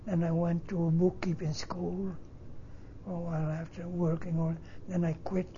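An older man from Northern Italy, native Italian, speaking English with an Italian accent and halting, broken phrasing, telling his life story in an interview. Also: on the high side, little pitch movement, mellow, muffled recording, a little hiss or hum. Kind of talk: oral history interview.

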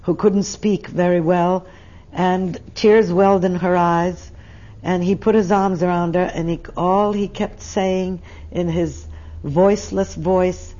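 A woman's voice: on the low side, steady tone, slow pace, mellow, highs cut off. An older woman tells her life story in an oral history interview, speaking in a reflective and emotional way.

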